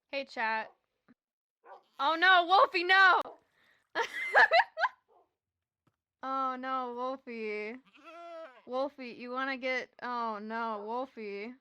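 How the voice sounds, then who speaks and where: A woman's voice: mid-range voice, a little hiss or hum. A young woman streaming a game, chatting casually and laughing often. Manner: chatty, excitable, quick to laugh. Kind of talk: casual gaming stream chat.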